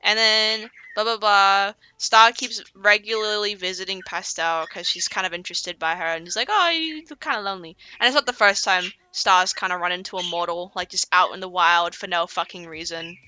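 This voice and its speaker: A woman's voice: lowish voice, little pitch movement, normal speed, few pauses, pushed and bright, clean tone, low-quality recording. A woman streamer telling a story on a casual stream, rambling and profane, with lots of fillers.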